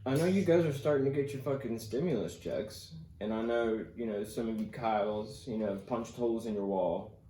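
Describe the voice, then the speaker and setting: A man's voice: mid-range voice, moderate pace. A young man, hosting a casual podcast and telling stories in a rambling way, full of "like". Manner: rambling, animated storytelling with lots of "like". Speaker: podcast host. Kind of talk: casual storytelling chat. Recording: echoey room, faint background noise.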